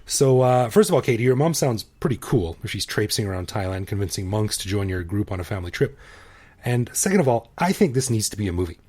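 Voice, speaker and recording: Low-voiced easygoing man hosting a podcast. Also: lively intonation, fast talker, darkish tone, husky. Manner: easygoing, laughs often, playful. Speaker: podcast host. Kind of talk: casual conversational podcast chat.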